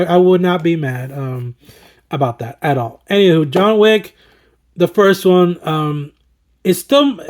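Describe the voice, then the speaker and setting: A slightly hoarse man talking enthusiastically through his favorite movies, rambling with fillers and chuckles. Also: high-pitched, darkish tone. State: slightly hoarse, throat recovering. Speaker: movie collector and vlogger. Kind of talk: casual movie-ranking commentary.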